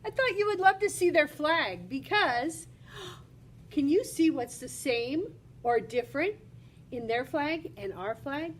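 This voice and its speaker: A woman's voice: sits high, big pitch swings, unhurried, slight background noise. A woman teacher giving a bubbly, exclamatory video lesson to children. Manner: bubbly and exclamatory, talks to kids.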